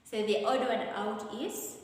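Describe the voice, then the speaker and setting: A woman with a Kenyan accent, teaching an exam revision lesson and explaining each point slowly and with repetition. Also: mid-range voice, steady tone. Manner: slow, deliberate explaining with repetition. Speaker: English teacher. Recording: very echoey room with long reverb.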